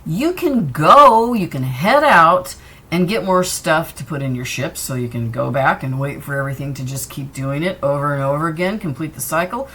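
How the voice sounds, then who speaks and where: A woman's voice: low voice, fairly quick, fairly bright tone, slightly rough. Chatty, reassuring woman tarot reader. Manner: chatty, reassuring, talks straight to the viewer; loose and wandering, jumps between cards. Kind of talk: casual tarot reading to viewers.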